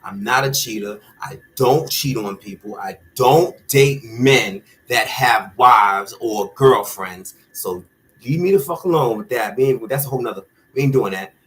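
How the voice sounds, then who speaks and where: A man's voice: mid-range voice, a little slow, fairly bright tone, low-quality recording. Profane ranting man, blunt and heated. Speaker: vlogger. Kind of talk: candid rant to camera.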